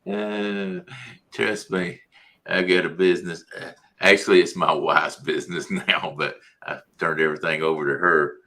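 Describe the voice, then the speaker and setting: A man's voice: low-pitched, flat delivery, moderate pace, bright, forceful tone, a little hiss or hum. A middle-aged man in casual livestream chat, teasing the others and laughing often. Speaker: co-host.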